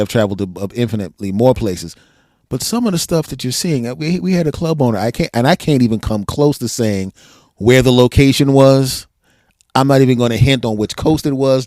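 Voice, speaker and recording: A man's voice: medium pitch, a little fast, a little mellow, no room sound, studio quality. A man hosting a podcast, a comedian who jokes and laughs often while telling his own stories. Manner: joking, laughs often, acts out quotes. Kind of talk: casual conversation.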